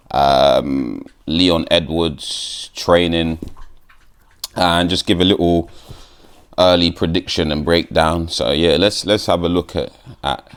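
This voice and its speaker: A man vlogging about MMA in a casual, sweary, stop-start chat to camera. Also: deep voice.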